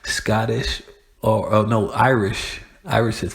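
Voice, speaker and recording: A man's voice: lowish voice, little pitch movement, slow, creaky, long pauses. A man from Austin, hosting a podcast in a loose, profane, joking monologue. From Austin, Texas. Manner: loose, profane, chuckling between jokes. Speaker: podcast host. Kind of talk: casual comedic monologue.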